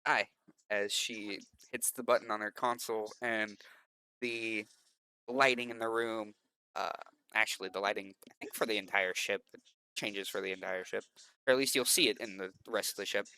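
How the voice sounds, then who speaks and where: Man, game master narrating, hesitant, bright and crisp. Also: on the low side, fairly even intonation, moderate pace. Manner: hesitant, many filler ums.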